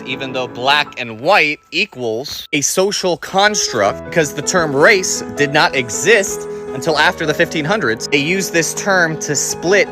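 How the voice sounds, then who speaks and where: A man gives emphatic, preachy social media commentary. His voice is a little high for a man, and loud instrumental music plays under him throughout. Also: unhurried, hardly any pauses.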